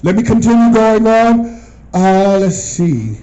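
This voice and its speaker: A man teaching from scripture to a group, often pausing to ask them questions and repeating phrases for them to answer. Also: high-pitched, expressive, dark tone, muffled recording. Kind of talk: call-and-response Bible teaching.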